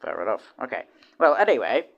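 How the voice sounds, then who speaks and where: A man's voice: medium pitch, very animated, brisk. A young British man streaming, chatting casually and rambling with many restarts and casual swearing. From United Kingdom. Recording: dull lo-fi stream audio.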